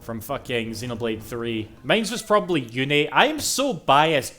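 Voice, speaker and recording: A man's voice: medium pitch, big pitch swings, unhurried, a bit bright, slight background noise. A young man chatting casually while streaming a game, rambling, swearing and laughing often. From Scotland. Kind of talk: casual live-stream chat.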